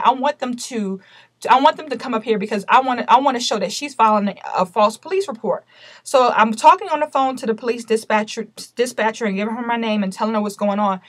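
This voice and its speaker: A woman with a fairly high voice recounts a personal ordeal to her camera, animated and indignant. She acts out her own side of the conversations with sharp emphasis. The sound is dry and close. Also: dry recording. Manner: animated, indignant retelling with emphatic quoted dialogue. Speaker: vlogger recounting a personal story; mother. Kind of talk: casual storytelling to camera.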